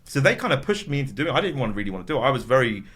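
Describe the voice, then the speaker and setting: A man, chatting casually as an interview guest and telling lively stories. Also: medium pitch, very fast, breathy edge. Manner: animated storytelling with voiced impressions. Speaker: comedy actor and writer, guest.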